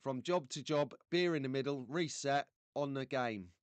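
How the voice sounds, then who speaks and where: Man, English, live stream host, casual joking chat, smooth, close and dry. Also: mid-range voice, normal speed, dry recording. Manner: chatty, jokey, greets viewers by name.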